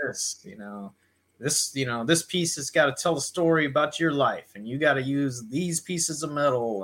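A man of middle pitch co-hosting a podcast. His talk is easygoing and conversational, a plain everyday voice. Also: fairly bright tone. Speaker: podcast co-host. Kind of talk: casual chat.

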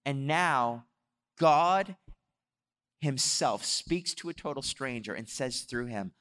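A man preaching a sermon, telling a story in an animated way and swelling louder on his exhortations. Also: medium pitch, takes it slowly. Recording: long hall reverb.

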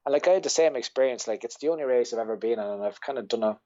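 A man's voice: mid-range voice, rapid-fire, dark tone, dull audio. A man with an Irish accent, a podcast guest telling a rambling story in casual chat, swearing freely and laughing as he goes. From Ireland. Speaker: podcast guest, ultra-runner.

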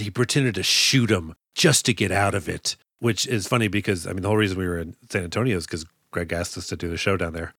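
A man's voice: fairly low pitch, a bit bright, no room sound, studio quality. A man co-hosting a podcast, telling stories in a joking, self-deprecating way. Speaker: podcast co-host. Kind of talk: casual chat.

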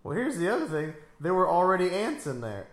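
A man's voice: high-pitched, huge pitch swings, a little fast. A man chatting casually through a movie commentary, playful and silly, explaining things with jokes. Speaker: commentary co-host. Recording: echoey room.

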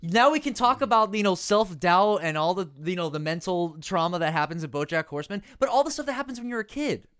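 A man's voice: high-pitched, lively intonation, quick pace, hardly any pauses, fairly bright tone, clean tone. A man co-hosting a casual podcast, teasing the others with wry, mock-formal remarks. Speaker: podcast co-host. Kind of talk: casual chat.

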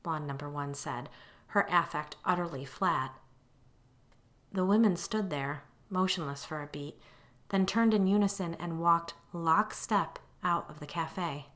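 A middle-aged woman narrating a first-person memoir audiobook, expressive and acting out her own quoted lines. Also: lowish voice, measured pace.

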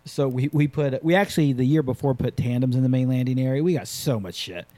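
Dude telling stories on a podcast, swears a lot, warm low-key tone, dry close mic. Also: male voice, fast, no room sound. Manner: profane, animated storytelling. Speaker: podcast host and skydiving instructor. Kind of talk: casual podcast chat.

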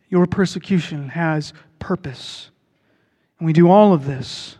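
A high-pitched man delivers a lively sermon as a pastor, rising to loud, ringing proclamations and dropping to quiet, earnest tones. His voice carries a long reverb from the church hall around him. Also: a little slow, husky.

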